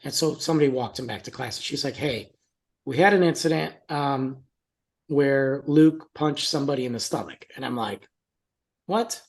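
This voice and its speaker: A man's voice: mid-range voice, moderate pace. A young adult man, a podcast co-host, telling a story in casual chat, acting out quotes and laughing often.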